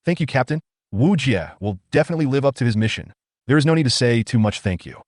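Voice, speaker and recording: An earnest young male commander, as a narrator puts him on, formal and dutiful, talking quickly with a lively lift in his voice. His dry, close read stays true to the manga recap it comes from. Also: medium pitch, no echo, pitched above the performer's own voice, natural voice. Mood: grateful.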